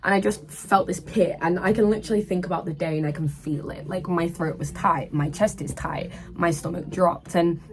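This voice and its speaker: A twenty-year-old woman from England, telling a personal story casually in her room, animated and full of "like" and "literally". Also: on the low side, moderate pace, hardly any pauses, rough recording. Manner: animated, breathless retelling with lots of "like" and "literally". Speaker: vlogger. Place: her own room at university.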